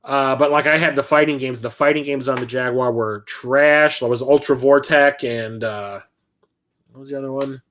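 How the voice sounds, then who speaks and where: The speaker is a middle-aged livestream host with a mid-range voice at normal speed. He's telling a rambling, casual anecdote and bringing the people in it to life with animated quoted voices.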